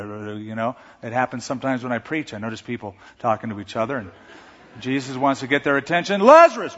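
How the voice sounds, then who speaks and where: A man preaching a sermon as pastor, animated, shouting out quoted lines. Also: medium pitch, slightly rough. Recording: dull recording in a reverberant hall.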